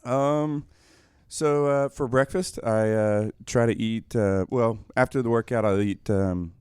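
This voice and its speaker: A man guest answering questions in a casual interview, hesitant with many pauses and fillers. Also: mid-range voice, darkish tone, smooth, no room sound, clean studio sound. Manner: hesitant, lots of fillers, laughs easily.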